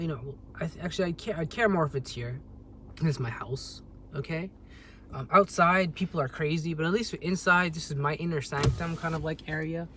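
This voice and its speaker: Young guy venting on his vlog, voice swings all over, rambly and worked up, faint hiss in the background. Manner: animated and agitated, with sudden loud pitch jumps; rambling, with many restarts. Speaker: vlogger. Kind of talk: casual storytelling rant.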